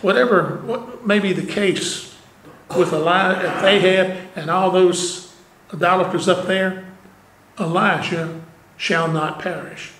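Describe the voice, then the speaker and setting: Man, pastor, sermon, high voice, slow deliberate delivery, rhetorical questions, echoey church sanctuary. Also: fairly even intonation, fairly bright tone, slight background noise. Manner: earnest preaching with rhetorical questions and asides. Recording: roomy church echo.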